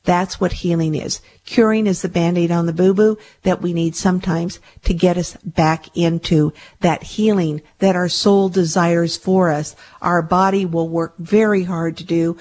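Brief: middle-aged woman, low-pitched, earnest and reassuring spiritual talk host. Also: steady tone, a little slow, hardly any pauses, a little mellow. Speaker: host and energy healer. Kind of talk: spiritual self-help radio talk.

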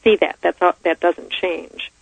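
A woman's voice: on the low side, fairly even intonation, a little slow, gravelly, husky, dry recording. A woman who analyzes handwriting, a guest on a radio show who explains reflectively with everyday examples. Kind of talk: radio interview by phone. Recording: tinny phone line.

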